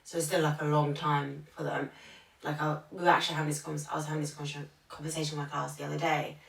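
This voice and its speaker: Low, gravelly woman telling stories. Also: little pitch movement, fast talker. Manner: chatty storytelling, acting out what others said. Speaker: podcast co-host and primary school teacher. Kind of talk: casual podcast chat. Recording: echoey room, far from the mic.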